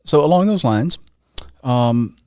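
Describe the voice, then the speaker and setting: A man hosting a podcast at an ordinary pitch works through loose, rambling questions, circling back and filling the gaps with ums and likes. His voice is close and dry, with no room around it. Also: lively intonation, slow, mellow, no room sound. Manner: casual, rambling questions with fillers. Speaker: podcast host. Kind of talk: conversational podcast interview.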